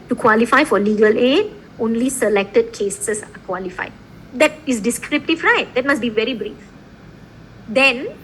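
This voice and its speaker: A woman lecturing a law class, her voice sitting a little high and swinging widely in pitch. She keeps tossing in quick checks with her students as she explains. A faint hiss sits under the recording. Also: low-quality recording. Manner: lively, repeatedly checking in with "okay?" and "right?".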